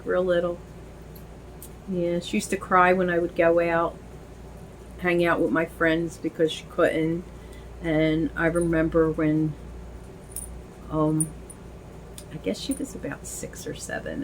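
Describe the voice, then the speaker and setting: A middle-aged woman with a somewhat low voice talks in a loose, rambling way, full of "you know" and "like" and restarting her sentences. She sounds relaxed and homey, with a faint hiss of noise behind her. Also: rough recording. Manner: rambling, chatty, many fillers and restarts. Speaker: vlogger. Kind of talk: casual chat while dressing a doll.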